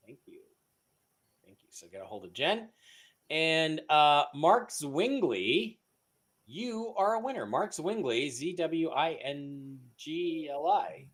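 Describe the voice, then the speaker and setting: A man's voice: fairly high pitch, animated, slow pace, a bit bright. Chatty man hosting a live stream. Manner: loose and chatty, stumbles over names. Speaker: livestream host. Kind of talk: casual live-stream chat.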